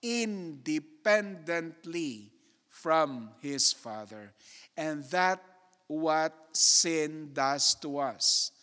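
A man preaching a sermon, slow and emphatic, putting rhetorical questions to his congregation. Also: a little high, lively intonation, pushed and bright, clear, resonant tone. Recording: long hall reverb.

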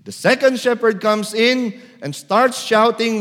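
A man preaching a sermon as a priest, slow and deliberate, sometimes calling out loudly. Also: extremely high pitch. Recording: long church reverb.

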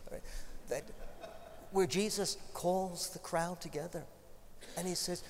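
A man's voice: high voice, unhurried, long pauses, in a large hall, slight background noise. A male preacher giving a sermon, telling stories in a conversational way with light humorous asides.

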